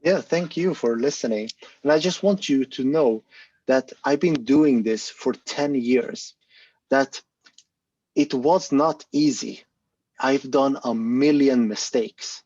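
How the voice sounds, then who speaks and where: A man's voice: mid-range voice, slow pace, a little mellow, slightly rough, no room sound. Earnest man on a muffled call. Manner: earnest, encouraging, thinks aloud with fillers. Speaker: volunteer presenter of an online discussion. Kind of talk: casual explanatory talk on a video call.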